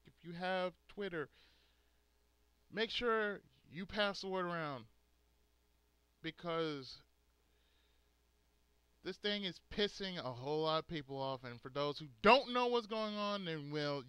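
A man's voice: a little high, slow pace, long pauses, a bit bright, clear, resonant tone, no echo. Furious swearing man ranting. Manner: angry, profane, emphatic ranting. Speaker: gaming video host. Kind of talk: angry rant to subscribers.

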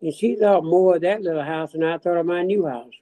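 A man in his seventies from the American South giving a personal testimony, earnest and halting, with frequent restarts. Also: sits high, warm tone, rough recording. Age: 70s. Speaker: church member giving testimony.

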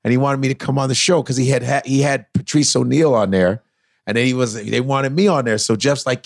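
A man, a comedian guest on a podcast, telling animated stories with lots of cursing and impressions. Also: mid-range voice, fairly quick, vocal fry, no echo, studio quality. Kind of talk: casual podcast storytelling.

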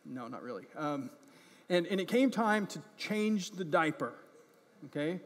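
A male pastor and parent with a fairly high voice preaches a little slowly, sharing a personal story in a conversational sermon. He checks in often with "right?" and "okay?", is self-deprecating, and livens up during humorous moments. It's recorded in a church sanctuary with the reverb of a church hall.

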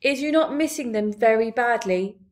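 Storybook giant, male, old, kindly, jumbled grammar, high and loud; a woman reader puts him on. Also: moderate pace, close to an everyday voice. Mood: pitying. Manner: muddled grammar, warm-hearted exclamations.

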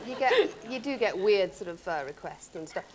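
A woman's voice: medium pitch, lively intonation, normal speed, slight background noise. A woman guest on a talk show, chatty and jokey, laughing often as she talks. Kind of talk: casual chat interview.

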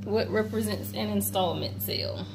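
A woman's voice: mid-range voice, normal speed, creaky, reverberant, over music. A woman, a mom studying for an exam, laughing and joking back in casual family chat.

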